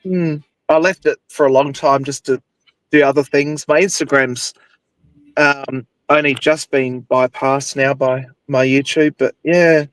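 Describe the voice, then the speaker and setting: A man's voice: medium pitch, fairly even intonation, unhurried, a bit bright, no room sound. An Australian man chatting as a guest, laid-back and agreeable, often affirming what is said. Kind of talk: casual chat.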